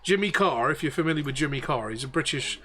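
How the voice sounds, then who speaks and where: A man's voice: fairly high pitch, animated, fast, bright, forceful tone, slight background noise. A man talking as game master, chatting casually out of game and explaining things in a rambling way.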